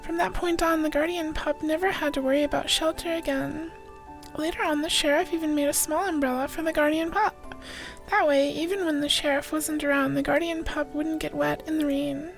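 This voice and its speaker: A woman's voice: sits high, steady tone, fairly quick, faint music behind, low-quality recording. A woman streamer reading a game's story dialogue aloud in a playful way. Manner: playful, voices the characters' lines. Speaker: game streamer.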